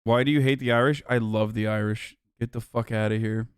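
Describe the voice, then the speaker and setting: A man's voice: mid-range voice, fairly even intonation, a little fast, clear, resonant tone, no echo, clean studio sound. A man giving casual live-stream commentary, blunt and offhand and swearing freely, into a desk microphone. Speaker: livestreamer.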